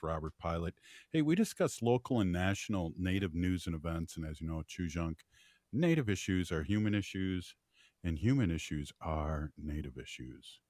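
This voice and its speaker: A man's voice: deep voice, darkish tone, no echo, clean studio sound. A man hosting a casual radio talk show, rambling and laughing easily, with plenty of filler words. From United States.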